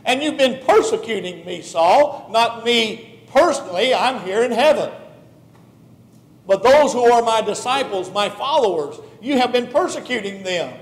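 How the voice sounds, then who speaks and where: A man's voice: very high voice, expressive, unhurried, full character voice. A preacher voicing Jesus as a stern but patient man calling from heaven, with firm, rebuking questions. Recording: echoey hall recording.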